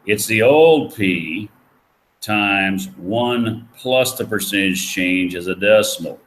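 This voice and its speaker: A man's voice: lowish voice, takes it slowly, a bit bright, poor audio. A man giving a recorded economics lecture, folksy and jokey, asking the class questions as he works through problems. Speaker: economics professor.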